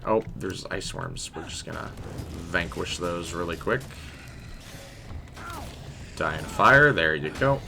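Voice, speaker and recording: A man with a low, deep voice gives loose, rambling commentary while he plays. He talks straight to his viewers and answers their messages. The audio has clear background noise and game sounds. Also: takes it slowly, pauses often. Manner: chatty and rambling, talking to chat. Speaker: game streamer. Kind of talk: casual live gameplay commentary.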